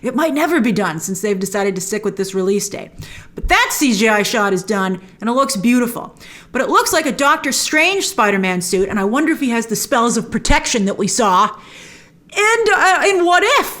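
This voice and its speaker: A woman hosting a trailer breakdown, chatty and opinionated, with excited asides. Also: on the high side, fairly quick. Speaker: host.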